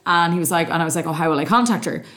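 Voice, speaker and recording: Fast-talking Irish woman telling stories. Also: lowish voice. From Ireland. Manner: animated storyteller acting out dialogue, swearing. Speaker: podcast co-host. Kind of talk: casual chat.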